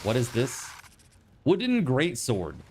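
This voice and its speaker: A man giving casual, excitable commentary while streaming a survival game. He swears freely, yelps in alarm and breaks into laughter. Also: mid-range voice, slight background noise. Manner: retells chats in quick put-on voices.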